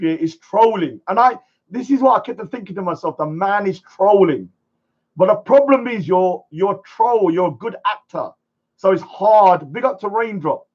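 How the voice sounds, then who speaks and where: Excitable man on lo-fi live stream. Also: high voice. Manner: rambling, excitable, shouts at viewers. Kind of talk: casual live stream chat. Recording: dull lo-fi stream audio.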